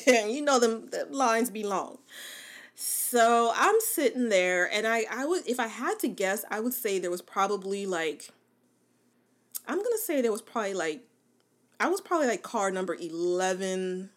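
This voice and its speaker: A woman hosting her own podcast, telling a story in a chatty, colloquial way, laughing often and talking straight to her listeners. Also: medium pitch. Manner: animated, playful asides to listeners. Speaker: podcast host. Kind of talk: casual storytelling monologue.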